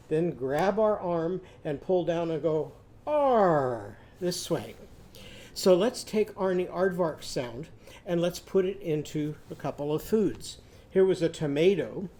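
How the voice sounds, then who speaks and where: A man with a fairly high, mellow voice leads a literacy lesson for young children. He stretches out speech sounds and syllables so the class can copy them, then invites everyone to repeat after him. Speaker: teacher.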